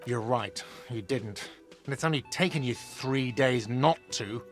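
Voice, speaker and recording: A man's voice: mid-range voice, unhurried, fairly bright tone, soft background music, close to an everyday voice. A man voicing an irritable, defensive male cafeteria manager in a video game, curt and sarcastic. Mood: irritated, sarcastic.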